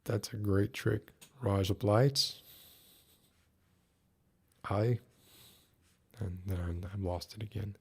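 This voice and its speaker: A man's voice: fairly low pitch, steady tone, measured pace, pauses often, mellow, husky. A man hosting a live stream, reading a classic story in a formal Mid-Atlantic voice and breaking off to chat casually. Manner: reads in a formal put-on Mid-Atlantic voice, then chats casually. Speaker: streamer and host.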